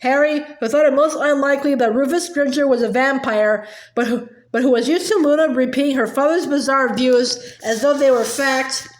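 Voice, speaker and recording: A woman reading a novel aloud in a high voice, stumbling now and then with fillers and restarts. The recording has a noticeable roomy echo. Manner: halting, with frequent uh fillers and restarts. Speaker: audiobook reader. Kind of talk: amateur read-aloud narration.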